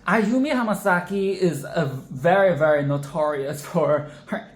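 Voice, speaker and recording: Speaking at a measured pace with fairly low pitch, a woman hosts an informal singing tutorial in an echoey space. She chats, breaks off mid-thought, and regularly bursts into exaggerated singing to demonstrate.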